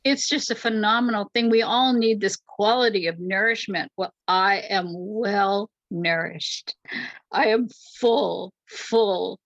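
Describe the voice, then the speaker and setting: A woman's voice: medium pitch, steady tone, a little slow, few pauses, a bit bright, no room sound. An older woman hosting an online vigil, talking in an effusive, heartfelt way on a video call. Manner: effusive, gushing, laughs often. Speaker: host and producer of an online vigil. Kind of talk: heartfelt casual chat. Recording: dry, dull lo-fi call audio.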